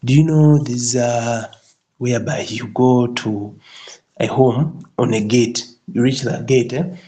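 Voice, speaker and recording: A man's voice: medium pitch, steady tone, slow, mellow, poor audio. A male instructor explaining a building design tutorial, often checking with the listener and restarting phrases. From Kenya.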